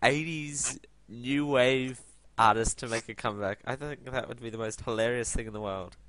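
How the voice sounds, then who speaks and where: A young man co-hosting a casual chat, chiming in with jokes and quick agreement. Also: medium pitch, fairly bright tone, no echo. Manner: joking, agreeable interjections. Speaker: podcast co-host.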